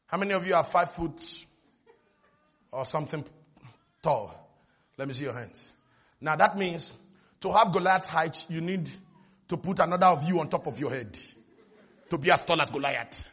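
A man preaching a sermon, often shouting and calling on the congregation to respond. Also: a little high, lively intonation, moderate pace, pauses often, husky. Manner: shouting, call-and-response exhortation.

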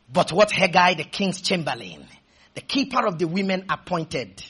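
A man preaching a sermon, leading call-and-response, breaking into shouts and drawing out words for emphasis. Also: sits high, big pitch swings, husky. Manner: slows to stretch words for emphasis.

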